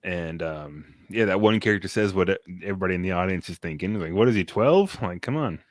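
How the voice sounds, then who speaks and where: A man with a fairly low voice recaps a film on a casual stream. He rambles, swears often and leans on fillers as he goes. The sound is close and dry. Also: fast talker, no echo. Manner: rambling, profane, chuckling recap. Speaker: podcast co-host. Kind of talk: casual chat, movie review.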